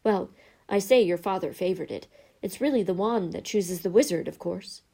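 A woman playing Ollivander, a soft-voiced old wandmaker. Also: mid-range voice, gravelly. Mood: hushed. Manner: soft, slow, then suddenly excitable. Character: soft-spoken, eerie old male wandmaker.

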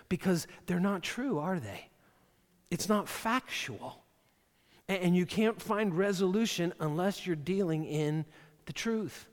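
A man's voice: on the high side, lively intonation, takes it slowly. A man preaching a sermon as a pastor in a church, talking conversationally and often repeating words as he starts a phrase. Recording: long reverb of a large hall.

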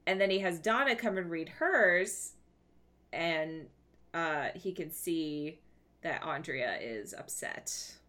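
Bright, lively woman recapping episodes. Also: sits low. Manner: chatty, recounting scenes with quick laughs. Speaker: podcast co-host. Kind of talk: casual TV recap chat.

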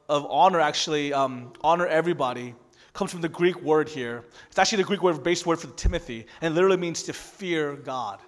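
Male pastor, 30s, high voice, sermon that swings from chatty to forceful. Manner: conversational preaching that builds to loud emphatic passages. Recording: long reverb of a large hall.

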